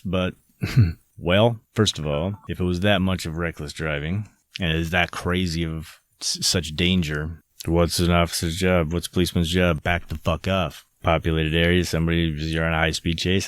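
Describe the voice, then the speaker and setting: Man, very low voice, angry rant, profane, sarcastic, podcast host, dry close sound. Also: fairly even intonation, normal speed, dry recording. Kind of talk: angry monologue.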